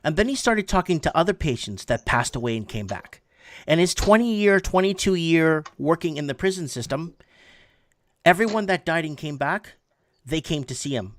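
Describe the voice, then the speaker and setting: A man in his forties telling a story in a casual, animated way, often repeating words for emphasis. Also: on the high side, normal speed, no echo. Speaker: podcast host.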